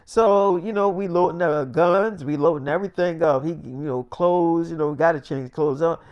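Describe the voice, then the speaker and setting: A man spinning an improvised, profane tale, jumping between the people in it with lively energy. His voice sits high for a man. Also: normal speed, clear, resonant tone, muffled recording. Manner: animated, profane, acts out every character. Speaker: storyteller. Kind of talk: improvised comic storytelling.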